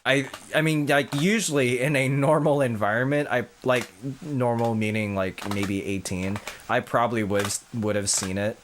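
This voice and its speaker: A man's voice: mid-range voice, steady tone, normal speed, hardly any pauses, a little hiss or hum. A man streaming a puzzle game, chatting casually and rambling through self-corrections with the odd swear. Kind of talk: casual gameplay commentary.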